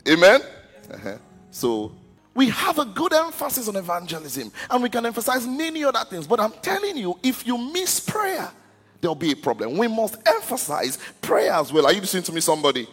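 A man's voice: high voice, very animated, brisk, a bit bright, husky, long reverb tail, soft background music. A man pastor preaching a sermon in a church, often stuttering on restarts and asking the congregation if they are listening. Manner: stammers and restarts words.

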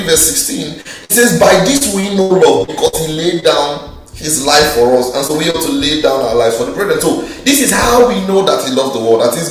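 A man preaching a sermon, lively and joking, with slang and rhetorical questions to the crowd. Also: on the high side. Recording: very echoey hall, mic far off.

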